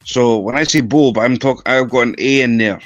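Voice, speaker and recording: A man's voice: mid-range voice, normal speed, no room sound, highs cut off, faint music behind. A Scottish man from the northeast of Scotland chatting as a guest on a live stream, rambling with lots of restarts. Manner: rambling, repeats himself, many restarts. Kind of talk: casual chat on a live stream.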